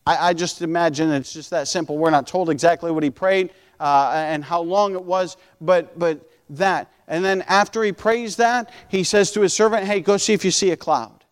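A man's voice: a little high, clean tone. A man preaching a sermon and reading Bible verses, earnest, stretching out key words, often restarting phrases. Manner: earnest, drawn-out emphasis with repeated restarts.

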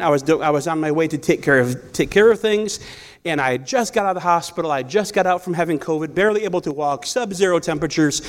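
A man preaching a sermon in a conversational storytelling way, often restarting his sentences. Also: on the high side. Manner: conversational, storytelling, self-correcting. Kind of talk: sermon with personal stories.

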